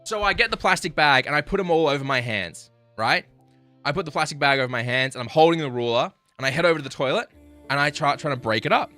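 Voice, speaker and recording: An Australian man telling an animated, crude, self-mocking story to his livestream chat. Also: on the high side, fast, no room sound, soft background music. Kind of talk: casual storytelling to stream chat.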